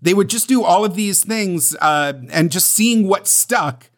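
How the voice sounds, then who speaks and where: A man's voice: high voice, unhurried. A man co-hosting a podcast, chatting casually and rambling with lots of fillers and restarts. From United States. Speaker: podcast co-host.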